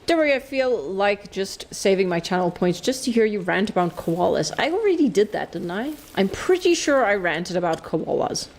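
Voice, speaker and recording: A woman's voice: medium pitch, very animated, moderate pace, hardly any pauses. A woman streaming a game, chatting away casually, playful, laughing often and swearing freely. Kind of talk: casual live-stream chat while playing.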